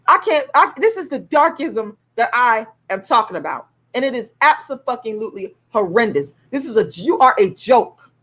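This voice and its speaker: A woman talks on her livestream in a heated, indignant way, swearing freely and circling back to the same points. Her voice sits a little high for a woman. She sounds like she is speaking into a computer mic. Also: fairly bright tone. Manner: heated, indignant, profane, repeats herself. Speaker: YouTube live streamer promoting her own play. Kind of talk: angry livestream rant, then ticket promotion.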